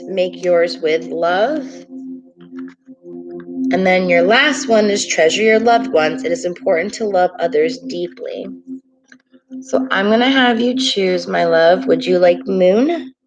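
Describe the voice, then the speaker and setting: A woman's voice: mid-range voice, low-quality recording. A woman doing a casual live-stream tarot reading from her laptop, chatty and emotional as she reacts aloud to viewer comments. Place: home desk at a laptop. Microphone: laptop microphone.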